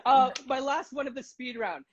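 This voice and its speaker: A man's voice: extremely high pitch, measured pace. A man hosting an interview, teasing his guest and laughing often. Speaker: interview host. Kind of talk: casual interview chat. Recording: muffled lo-fi audio.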